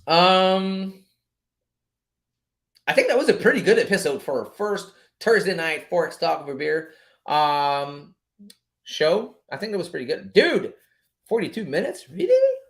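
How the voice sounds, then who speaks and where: A man hosting a casual live stream on trading, laid-back and slangy, swearing often and filling pauses with "um". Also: fairly high pitch, expressive, fairly bright tone. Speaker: forex trading streamer host.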